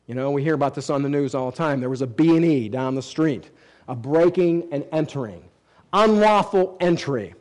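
Man preaching a sermon, fairly high voice, emphatic rises and quiet drops, reads scripture aloud. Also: animated, moderate pace, low-quality recording. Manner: preaching with emphatic swings in pitch and volume. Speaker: pastor.

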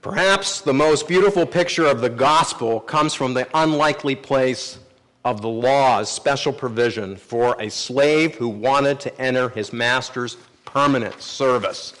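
A man's voice: mid-range voice, unhurried, fairly bright tone, poor audio. A man, a pastor, preaching a sermon and teaching from scripture with emphatic repetition.

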